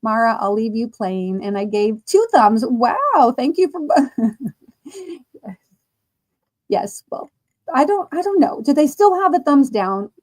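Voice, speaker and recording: A woman's voice: a little high, big pitch swings, a little mellow. A woman hosting a casual crochet livestream, reading out chat comments and laughing often while she crochets. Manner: slow, chatty, laughs often. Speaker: livestream host.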